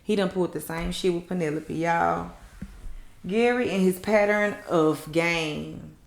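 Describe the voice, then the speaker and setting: A woman recapping a TV episode in a blunt, animated, slangy way. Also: on the low side, unhurried, gravelly. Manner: animated, blunt, slangy storytelling with mocking quotes. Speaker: TV recap host. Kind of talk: casual recap talk. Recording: echoey room.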